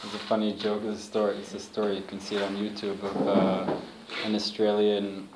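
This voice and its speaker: A man giving an informal talk to a small group, telling stories in a relaxed way and laughing often. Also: fairly low pitch, fairly quick. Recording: roomy, faint background hiss.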